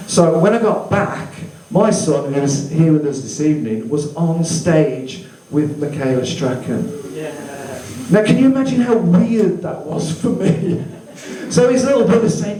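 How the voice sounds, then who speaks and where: A man's voice: fairly high pitch, normal speed, mellow. A man doing a stand-up comedy routine, chatty and self-mocking with sweary asides. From English Midlands. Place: comedy club stage with live audience. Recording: roomy echo, distant mic, faint club noise.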